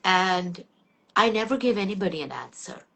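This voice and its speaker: A woman's voice: mid-range voice, expressive, moderate pace, gravelly, pushed and bright. A middle-aged woman hosting a podcast, telling a personal story candidly and earnestly in a reflective, conversational way. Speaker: podcast host.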